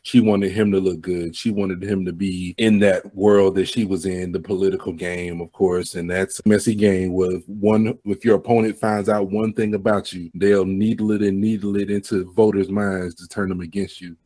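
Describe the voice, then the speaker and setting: A fairly low-voiced man on a movie podcast with friends. He jokes freely and acts out characters' lines as he riffs on the film. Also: normal speed, hardly any pauses. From American South. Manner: joking, animated storyteller who acts out quotes. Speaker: podcast co-host. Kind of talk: casual chat about a movie.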